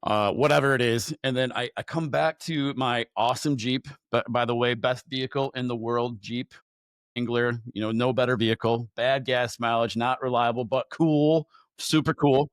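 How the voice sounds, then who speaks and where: A man guest on a faith podcast, telling a personal story in a candid, animated way, often repeating words and restarting. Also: medium pitch, normal speed, dry recording. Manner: animated storyteller who acts out his own thoughts.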